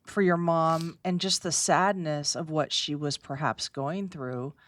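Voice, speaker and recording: A woman hosting an interview, gently reflecting back what her guest shares and asking how she feels. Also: deep voice, steady tone, measured pace. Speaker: podcast host. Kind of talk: empathetic interview questions.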